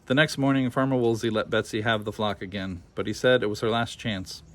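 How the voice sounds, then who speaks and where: A man reading a children's picture book aloud with expressive, animated storytelling. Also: fairly low pitch, a little fast, slight background noise. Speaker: storybook reader.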